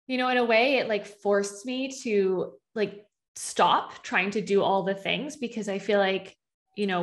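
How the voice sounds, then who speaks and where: A woman's voice: medium pitch, a bit bright. A young adult woman guest on a podcast, telling her story in a casual, chatty way, often saying "like" and acting out her past thoughts. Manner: chatty, heavy use of "like", acts out her own past thoughts. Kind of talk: conversational storytelling.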